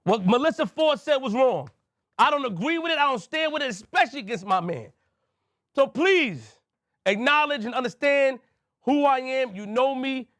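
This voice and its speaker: A man's voice: very high-pitched, animated, moderate pace, fairly bright tone, no echo, studio quality. A man from Queens, a podcast host speaking to camera, emphatic and repetitive as he addresses someone directly. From Queens, New York.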